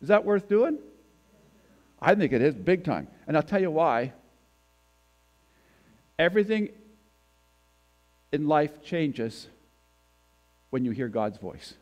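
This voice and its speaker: A man's voice: fairly high pitch, very animated, slow pace, pauses often, a little mellow. A man giving a sermon as a guest preacher, talking in a conversational way and putting questions to the congregation. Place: church sanctuary.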